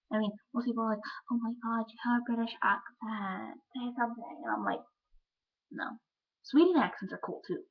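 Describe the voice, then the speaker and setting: Chatty teen girl, gravelly lo-fi. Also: mid-range voice. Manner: chatty, rambling, lots of "like". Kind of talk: casual vlog chat. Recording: lo-fi webcam audio.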